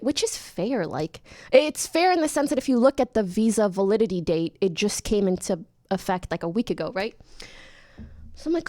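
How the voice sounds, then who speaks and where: A woman from Canada, a streamer, telling a story in a casual, animated way and jumping into high voices when she quotes herself. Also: normal speed. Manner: animated, jumps into high-pitched voices for her own quoted lines.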